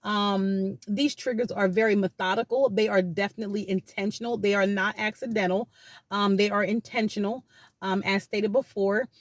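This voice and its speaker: Woman host, mid-pitched, casual rambling explainer recorded dry in her car. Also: steady tone, moderate pace, dry recording. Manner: rambling, many fillers and restarts. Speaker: channel host talking about healing from abuse. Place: in a parked car.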